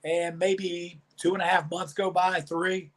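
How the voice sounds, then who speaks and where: A man's voice: sits high, measured pace. Man telling wrestling-days stories. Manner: animated storyteller, acts out quoted dialogue. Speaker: podcast guest, former wrestler. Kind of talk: storytelling interview.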